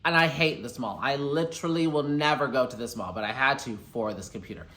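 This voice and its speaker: A young man chatting through a casual storytime vlog, animated and quick to quote people. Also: medium pitch. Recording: echoey room.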